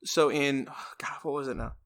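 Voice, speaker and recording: Male podcast host, average pitch, casual and halting questions. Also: fairly even intonation, gravelly. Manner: hesitant, friendly, with ums and trailing phrases.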